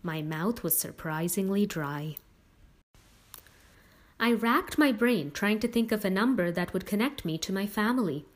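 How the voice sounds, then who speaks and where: A woman reading an audiobook in the first person in a steady, measured way. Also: medium pitch. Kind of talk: audiobook narration.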